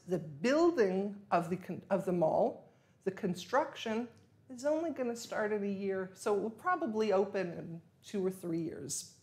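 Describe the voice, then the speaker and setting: A woman's voice: medium pitch, darkish tone. A woman English teacher giving a recorded vocabulary lesson, explaining patiently and stressing key words with examples.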